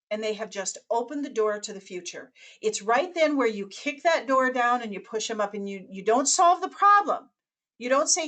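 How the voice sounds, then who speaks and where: Animated woman giving a webinar talk. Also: on the high side, moderate pace. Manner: animated, acts out quoted voices. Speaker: webinar presenter. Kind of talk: webinar presentation.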